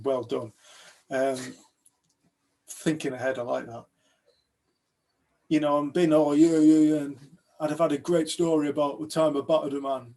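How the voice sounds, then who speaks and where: Guy from the uk telling a story to a group, gravelly, does all the voices. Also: medium pitch. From United Kingdom. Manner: animated storyteller, acts out other people's lines.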